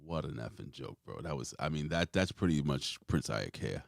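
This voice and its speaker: With a very deep, gravelly voice and a moderate pace, a forties-aged man hosts a laid-back wrestling podcast. He swears freely and rambles through lively anecdotes, over a faint hiss or hum.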